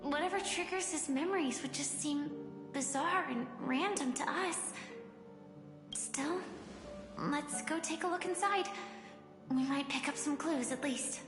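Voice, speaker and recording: An actress playing a gentle, composed young woman with a soft, earnest voice, recorded as game voice acting. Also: high-pitched, a little slow, over music.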